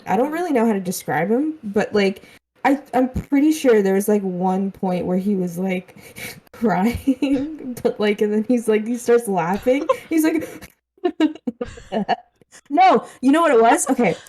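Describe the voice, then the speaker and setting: Relaxed, rambling young woman. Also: medium pitch, a little slow. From Canada. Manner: relaxed, rambling, laughs along. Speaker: podcast co-host. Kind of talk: casual chat.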